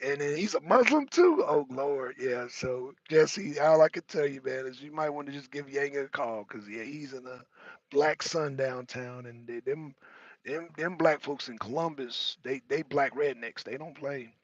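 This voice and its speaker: A man chatting loosely as a talk show panelist, animated and profane, often laughing and repeating words. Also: mid-range voice, normal speed, no echo, muffled recording. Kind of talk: casual chat.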